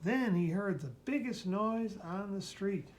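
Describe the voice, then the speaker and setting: Woman, unhurried storybook reader for a small child, playful sound mimicry, faint hiss behind. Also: mid-range voice, a little mellow. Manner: playful, mimics sounds and asks the listener questions. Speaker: reader reading a picture book to a child. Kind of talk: reading a children's book aloud.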